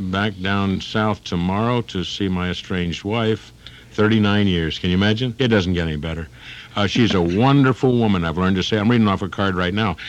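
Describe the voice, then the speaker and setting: Low-voiced older man rambling on radio comedy. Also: dull audio. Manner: rambling, jumps into characters, frequent ums. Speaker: comedian guest. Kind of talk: improvised comedy on talk radio.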